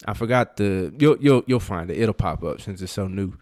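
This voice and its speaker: Laid-back man with a low voice. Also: lively intonation, moderate pace, darkish tone. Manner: rambling, full of "like" and restarts. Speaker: podcast co-host. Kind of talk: casual faith podcast chat.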